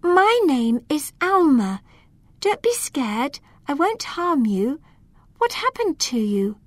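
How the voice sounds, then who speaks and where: A woman's voice: high voice, expressive, measured pace, a bit bright, no echo, pitched above the performer's own voice, exaggerated voice. A woman voicing a kind, brave young girl who speaks soothingly, as in a storybook reading.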